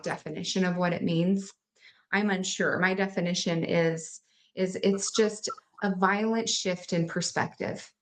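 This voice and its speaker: A woman co-hosting a podcast, giving a reflective spiritual talk in a hesitant way full of fillers. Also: lowish voice. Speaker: podcast co-host.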